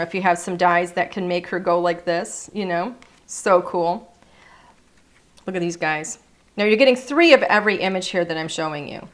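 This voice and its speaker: Woman, craft product presenter, casual showcase, gushing, chatty, mid-pitched voice. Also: fairly bright tone. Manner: gushing, chatty, searching for words.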